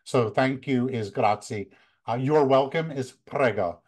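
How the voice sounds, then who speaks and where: An American man in his fifties, a photography workshop leader, giving relaxed, conversational travel tips with many fillers. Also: mid-range voice, a little slow. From United States. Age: 50s. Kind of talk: casual talk, practical travel tips.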